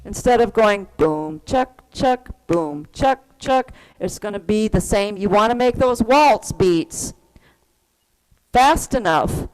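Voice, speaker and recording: A woman's voice: medium pitch, animated, slow, clean tone. A woman teaching an online keyboard class, patiently explaining rhythm and counting beats aloud. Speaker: music teacher. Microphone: computer mic on a video call.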